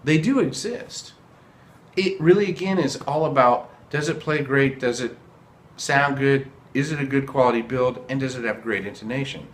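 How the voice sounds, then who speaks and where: A man's voice: medium pitch, moderate pace, echoey room. A man giving a casual video lesson on trumpets, earnest and repeating key points for emphasis. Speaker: trumpet teacher.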